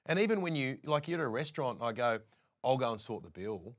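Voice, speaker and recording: A man of medium pitch speaks briskly: an Australian presenter guesting on a show. Lively and casual, he tells anecdotes and plays out other people's lines as he goes.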